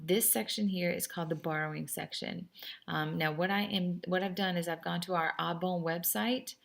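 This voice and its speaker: Hoarse, gravelly woman teaching French. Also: on the low side. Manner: chatty, teasing, slows down to model French phrases. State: going a little hoarse. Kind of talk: classroom lesson recorded for students.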